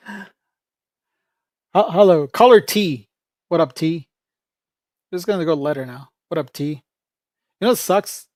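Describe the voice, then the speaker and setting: A man's voice: fairly high pitch, a little slow, long pauses, a little mellow, no room sound, studio quality. A man livestreaming in a casual, rambling chat, joking with viewers, laughing often and calling people "bro".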